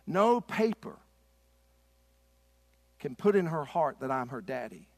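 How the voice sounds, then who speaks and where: A middle-aged man preaching a sermon in a church. His delivery is impassioned and swings from loud to hushed. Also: a little high, very animated, slow pace, no room sound. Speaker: pastor. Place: church sanctuary.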